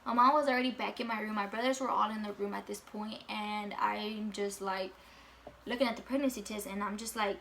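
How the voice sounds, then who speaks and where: A woman's voice: medium pitch, fairly even intonation, fairly quick, vocal fry, pushed and bright, a little hiss or hum. A young woman vlogger telling a casual storytime, full of fillers and swearing.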